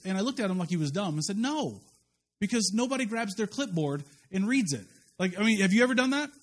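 A man preaching a sermon as a pastor, telling a personal story with lively quoted voices and frequent restarts. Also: high voice.

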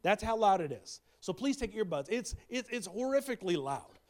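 A man from the American Midwest preaching a sermon, conversational and humorous, with lots of restarts and bursts of excitement. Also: high-pitched, moderate pace. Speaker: pastor.

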